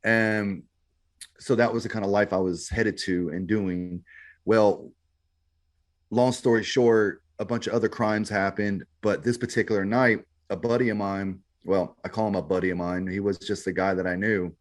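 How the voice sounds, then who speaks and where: A male podcast guest with a lowish, fairly even voice at normal speed tells his story casually. He's laid-back and slangy, often dropping "man" and "bro."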